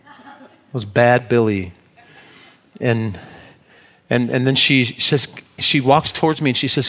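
A man's voice: mid-range voice, takes it slowly, pauses often, a bit bright. A man preaching as a pastor, telling a self-mocking everyday story in a folksy, conversational way. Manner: folksy, self-mocking anecdote with acted-out voices. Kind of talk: storytelling sermon.

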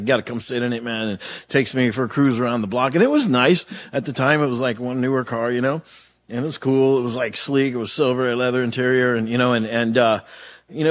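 A middle-aged male pastor preaching in a casual, conversational way, telling stories with slang and lots of fillers. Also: medium pitch. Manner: chatty storytelling with slang and many fillers.

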